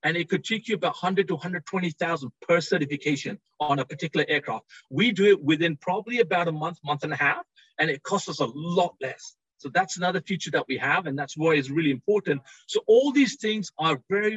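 Calling in by video from a trade show floor, a British-accented executive pitches his company fast and eagerly. He has a high, slightly husky voice with a fairly bright tone, captured in a dry, dull recording.

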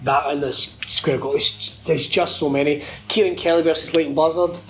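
Male commentator guest; animated rambler who swears and laughs, pitched a little high. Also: a little fast, rough recording. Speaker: wrestling commentator. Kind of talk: casual podcast interview.

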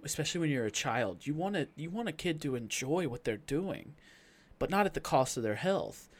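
A man's voice: fairly high pitch, big pitch swings, fairly quick. A man in his thirties talking candidly and reflectively as a podcast guest. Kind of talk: candid casual conversation.

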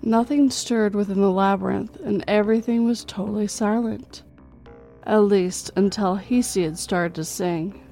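A woman reading a horror story in a slow, measured storytelling way. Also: medium pitch, steady tone, dark tone, faint music behind. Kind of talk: scripted horror narration.

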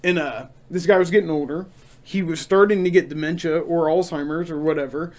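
A man's voice: a little high, fairly even intonation, a little fast, a little mellow. A man co-hosting a casual podcast who agrees readily, chiming in with short affirmations and telling a story of his own. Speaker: podcast co-host. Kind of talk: casual chat.

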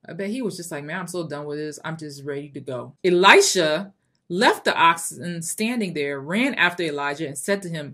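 A woman's voice: deep voice, expressive, normal speed, sharp tone. Emphatic woman reading scripture aloud. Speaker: podcast host. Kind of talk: Christian motivational podcast.

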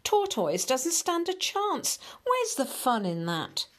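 A woman's voice: sits high, huge pitch swings, slow pace, fairly bright tone, voice pushed up, exaggerated voice. A woman voicing a boastful, lazy young male hare, in a storybook reading. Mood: smug. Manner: cocky, then panicky and breathless.

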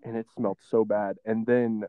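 A man's voice: fairly low pitch, little pitch movement, normal speed, clean tone, dry recording. A young man co-hosting a podcast, chatting loosely in slang and laughing often. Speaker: podcast co-host. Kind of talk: casual podcast chat. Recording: tinny phone-like sound.

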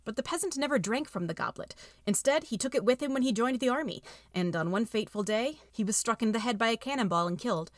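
A woman reading a story aloud with steady, expressive narration. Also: fairly high pitch, quick pace, dry recording, studio quality. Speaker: audiobook reader.

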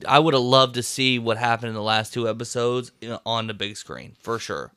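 A man's voice: mid-range voice, brisk, pushed and bright, clear, resonant tone, no room sound, studio quality. A young man co-hosting a casual podcast chat, loose and easygoing, laughing often. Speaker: podcast co-host.

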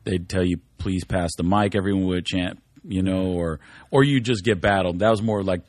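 Deep-voiced laid-back man, profane and rambling. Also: normal speed, darkish tone, no room sound. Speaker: guest rapper. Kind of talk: casual podcast conversation. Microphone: studio microphone.

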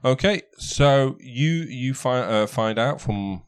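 A man's voice: medium pitch, lively intonation, clear, resonant tone. Man running a tabletop game. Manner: halting, reads item rules out slowly. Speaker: game master.

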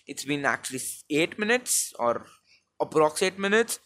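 A young man from India with an Indian English accent, rambling through a casual football recap with many fillers and restarts on a low-quality home mic. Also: lively intonation, unhurried, a bit bright. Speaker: football vlogger. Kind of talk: casual match recap monologue.

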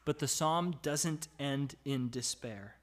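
Man preaching a conversational sermon. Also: slow pace. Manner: reads scripture aloud and rises in pitch and volume when voicing anguished cries; conversational preaching with frequent "right?" and restarts. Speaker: pastor.

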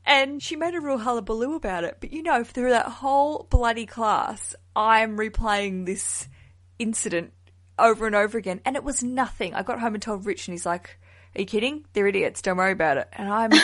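Woman podcast host, casual and animated, fairly high voice, laughs at herself often. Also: moderate pace. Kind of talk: casual chat.

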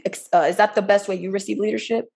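A woman's voice: mid-range voice, fairly even intonation, fast talker, gravelly, a little mellow, husky. A young woman co-hosting a podcast in casual chat, talkative, laughing often and acting out what others said. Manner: chatty, laughs often, acts out quotes. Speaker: podcast co-host.

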